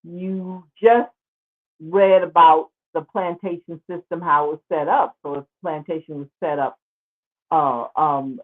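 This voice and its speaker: Husky, sarcastic woman host on a tinny line. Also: sits low. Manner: sarcastic, exclaiming over pictures. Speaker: show host. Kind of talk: casual livestream commentary over images.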